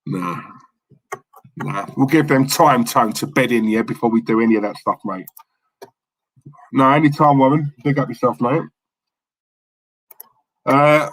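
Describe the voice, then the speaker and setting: A man hosts a live football watchalong as a livestream host, reading comments and chatting in a casual, cheeky way with lots of fillers and repeated words. His voice is a little high and fairly bright, at a moderate pace. The audio is poor, with no room sound.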